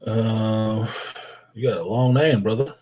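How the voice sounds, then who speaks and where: A man's voice: on the low side, takes it slowly, dark tone, rough recording. A man hosting a live stream, chatting loosely with viewers, joking, swearing and reading out their messages. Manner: swears freely, slangy. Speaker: livestream host.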